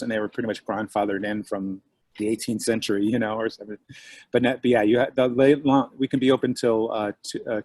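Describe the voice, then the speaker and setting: A husky man talks over a video call, animated and chatty, slipping into his customers' voices as he tells his stories. The sound is close and dry, with no room around it. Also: mid-range voice, no room sound. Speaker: guest author and diner owner. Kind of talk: casual video call chat.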